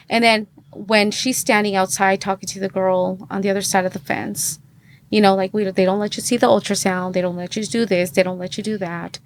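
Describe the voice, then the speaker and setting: A woman's voice: mid-range voice, level tone, fairly quick, a little hiss or hum. A woman in her thirties, a podcast guest, chatting through a personal testimony and acting out the dialogue she quotes. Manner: chatty, acts out quoted dialogue, many fillers. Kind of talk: personal testimony in casual conversation.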